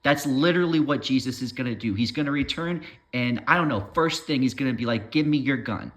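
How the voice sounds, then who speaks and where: A man's voice: medium pitch, brisk. A man rambling through an opinion monologue, trailing off mid-thought and waving his own points away with "never mind.".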